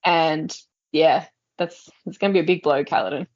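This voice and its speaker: A woman co-hosting a podcast, chatting casually and explaining her view in a thoughtful, relaxed way. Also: sits low, normal speed. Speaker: podcast co-host. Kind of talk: casual chat. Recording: dull lo-fi podcast audio.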